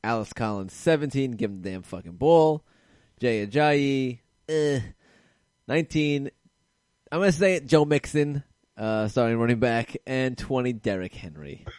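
A man's voice: medium pitch, moderate pace, darkish tone, smooth, dry recording, clean studio sound. A man in casual podcast talk, blunt and opinionated, with frequent swearing.

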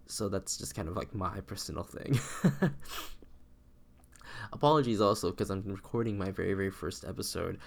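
A young man hosting a solo podcast, rambling in a meandering way with many restarts, his voice lower than usual because he is sick. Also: moderate pace, gravelly, long pauses. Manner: meandering, self-interrupting, with frequent restarts. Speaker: podcast host.

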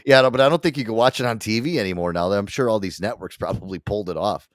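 A man's voice: fairly low pitch, fast, no room sound. A man with a New York accent hosting a casual podcast chat, swearing freely and laughing often. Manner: profane, animated, laughs often. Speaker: podcast host.

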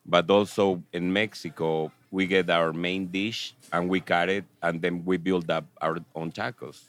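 Man, very deep voice, restaurant owner, halting, earnest. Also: steady tone. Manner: earnest, halting, many fillers. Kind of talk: casual chat.

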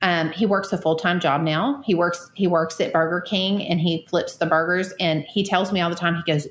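A woman's voice: fairly low pitch, steady tone, normal speed, hardly any pauses. A woman guest in an interview, earnestly telling personal faith stories with lots of fillers and restarts. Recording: roomy echo.

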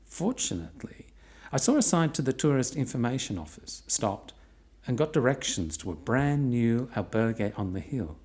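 A man's voice: mid-range voice, big pitch swings, normal speed, a little mellow. A middle-aged man narrating his own long walk in a reflective way with dry, wry humour. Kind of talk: personal travel narration.

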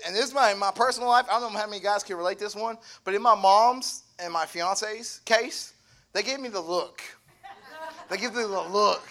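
A young man giving a sermon, humorous and animated, acting out little voices in his asides. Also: sits high. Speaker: preacher.

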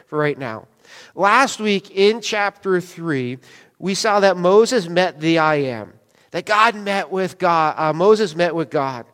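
A man's voice: high-pitched, fairly bright tone, smooth. A man preaching a sermon as pastor, in a casual, conversational way, acting out quoted dialogue as he goes. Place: church sanctuary. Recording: long church hall reverb.

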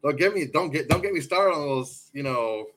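A man co-hosting a casual sports show, rambling and swearing, with loud whoops. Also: on the high side, animated, moderate pace. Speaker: podcast co-host.

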